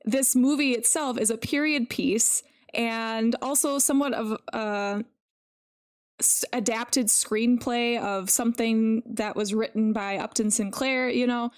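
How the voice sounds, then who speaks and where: Woman co-host, casual film chat, quick opinionated delivery, a bit high-pitched. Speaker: podcast co-host.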